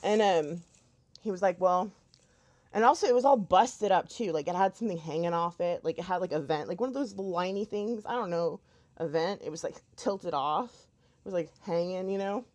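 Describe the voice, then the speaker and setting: A woman's voice: lowish voice, normal speed, a little mellow. A young woman chatting casually into her camera, telling a long story with many fillers and restarts. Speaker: YouTuber. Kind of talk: casual storytelling while doing makeup.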